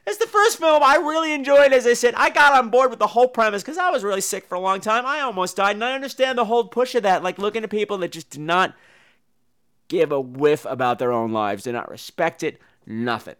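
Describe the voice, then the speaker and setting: A man's voice: high voice, lively intonation, fairly quick, a bit bright, clean tone. A man hosting a podcast, reviewing movies in a profane, sarcastic comedic rant. He swears freely and mimics the people he talks about. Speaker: podcast host reviewing films.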